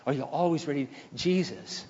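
A man's voice: on the high side, normal speed. Emphatic preaching man in a reverberant hall. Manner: emphatic repetition, swelling louder on key phrases. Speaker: pastor. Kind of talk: sermon. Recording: dull sound, long hall reverb.

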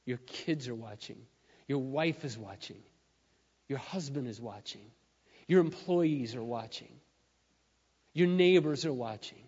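A man preaching a sermon in a church, telling stories and building to loud, emphatic peaks. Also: mid-range voice, measured pace, pauses often, slightly rough. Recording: dull sound with long hall reverb.

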